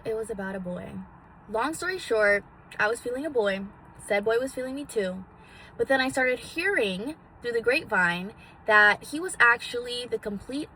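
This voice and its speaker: A woman's voice: mid-range voice, pushed and bright, a little hiss or hum. A woman vlogging casually from a parked car into a phone, theatrical and swearing freely as she gives self-help advice. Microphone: phone on a magnetic mount.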